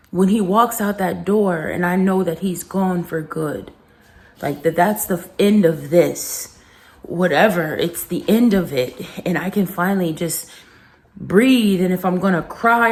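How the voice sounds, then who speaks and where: A young woman talking earnestly and reflectively in a personal vlog, pausing and restarting as she speaks. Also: on the low side. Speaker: vlogger.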